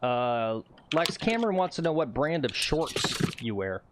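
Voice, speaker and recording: A man's voice: medium pitch, big pitch swings, measured pace, background noise. A man chats loosely through a live golf stream, wandering between thoughts and reading comments from viewers. His voice sits in a middle register. A faint outdoor ambience hums behind him. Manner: rambling, reads chat comments aloud. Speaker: livestream golf host. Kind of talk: casual live-stream chat.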